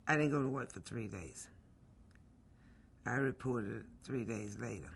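A middle-aged mail carrier recalls a personal story in a lively, animated way and acts out what people said. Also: mid-range voice, unhurried, vocal fry, long pauses, a little hiss or hum. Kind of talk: personal recollection, oral history.

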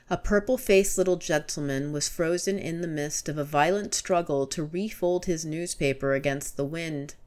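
A woman reading a classic story aloud as narrator, measured and storytelling. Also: low voice. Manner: measured, storytelling, rising to urgent shouts in dialogue.

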